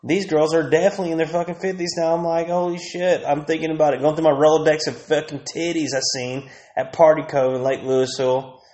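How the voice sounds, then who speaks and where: A man's voice: on the high side, steady tone, fast, darkish tone, roomy sound. A man, ranting crudely and rambling as a podcast host, laughing often. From Texas. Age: 30s. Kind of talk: profane comedic rant.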